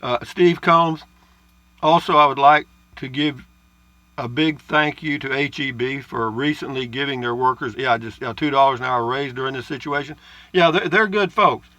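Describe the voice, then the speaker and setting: An RV vlogger, a man with a medium-pitched voice, reads viewer comments aloud in his travel trailer at a normal speed. His tone is sharp, and the recording has no room sound. He chats in a folksy, rambling way, full of uh's and asides.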